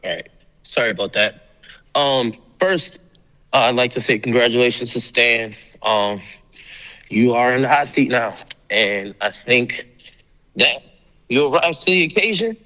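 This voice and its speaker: A man on a school board, out of breath, giving earnest, halting remarks at a public meeting. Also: medium pitch, lively intonation, sharp tone, in a large hall, lo-fi sound.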